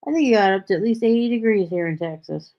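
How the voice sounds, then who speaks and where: A woman with a medium-pitched voice talks fast as she hosts a casual solo livestream from her home in Texas. She rambles freely, tossing in sarcastic asides, and the stream audio is dull and lo-fi.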